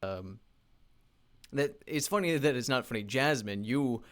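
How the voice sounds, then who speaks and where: Here a man with a medium-pitched, expressive voice that's a bit bright speaks unhurriedly. He's an independent animation creator doing a casual work vlog, musing out loud while animating and wandering through his thoughts with lots of fillers and restarts.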